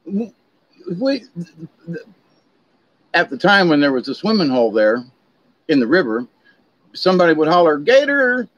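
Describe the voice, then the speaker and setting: A man's voice: on the high side, animated, moderate pace, pauses often. A middle-aged man from Florida, telling stories in a rambling, chatty way and drifting off on tangents. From Florida, USA. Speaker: vlogger. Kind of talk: rambling casual monologue. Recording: slightly dull, dry recording.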